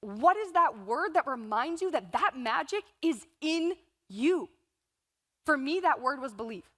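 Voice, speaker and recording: Animated and a bit slow, her high voice comes across pushed and bright as this woman in her thirties gives a motivational keynote in a large event hall. She shares stories and acts out inner voices and quotes, with a long hall reverb behind it all.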